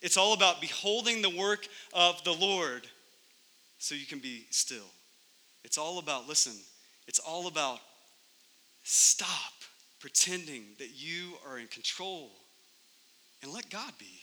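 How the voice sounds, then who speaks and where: A man preaching a sermon as pastor, emphatic, swinging between loud peaks and hushed drops. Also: on the high side, measured pace, long pauses. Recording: long hall reverb.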